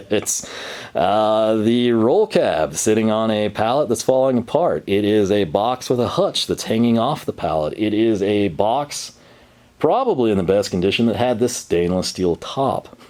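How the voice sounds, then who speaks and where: Deep-voiced man telling a story. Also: sing-song, normal speed, a little mellow. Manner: rambling, laughs often, acts out quoted voices. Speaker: channel host. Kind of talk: casual storytelling vlog.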